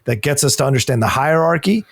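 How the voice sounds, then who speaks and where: A man's voice: a little high, lively intonation, quick pace, dry recording. A man co-hosting a podcast, talking casually about a film, laughing often and chiming in with short agreements. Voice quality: gravelly, husky. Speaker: podcast co-host.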